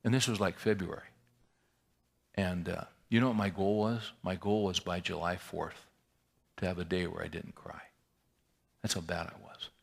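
A man's voice: deep voice, steady tone, normal speed, vocal fry, pauses often, husky. A man preaching, telling a personal story candidly and conversationally, with wry humor.

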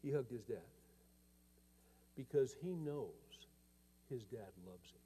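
Speaking slowly with lively intonation, an older pastor with a medium-pitched, mellow, husky voice delivers a conversational storytelling sermon. He recounts family stories, keeps restarting phrases, and his words trail off into a large hall's long reverb.

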